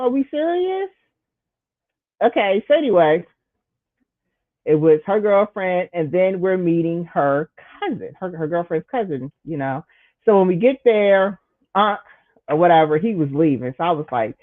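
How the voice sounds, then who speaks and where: A man hosting his own show, telling a casual story in an animated way, jumping into high, exaggerated voices when he quotes himself. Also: no room sound. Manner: lots of "like" and "you know", frequent restarts. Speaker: show host. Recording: thin phone-like sound, dry.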